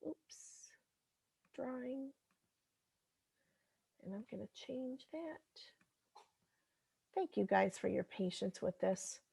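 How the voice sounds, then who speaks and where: A woman's voice: a little high, fairly bright tone, no room sound, clean studio sound. A woman teacher talking through a recorded math lesson, patiently explaining step by step and correcting herself as she goes.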